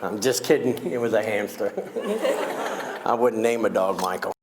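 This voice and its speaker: A man's voice: lowish voice, steady tone, normal speed, noisy background. A man performing comedic magic on a school stage, teasing his young volunteers with wisecracks. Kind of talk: comedic magic show patter.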